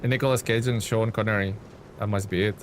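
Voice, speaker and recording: A young man with a fairly low voice chats loosely with his viewers while he plays, drifting from topic to topic. Faint driving-game sounds sit under his voice. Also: steady tone, quick pace, slight background noise. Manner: rambling, talks to chat while playing. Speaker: streamer. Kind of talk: casual gameplay commentary.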